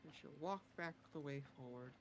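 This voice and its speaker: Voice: mid-range voice, fairly quick, slight background noise. A player describing their character's moves in a chatty, musing way, full of fillers. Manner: chatty, musing, heavy use of "like". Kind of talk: casual tabletop play.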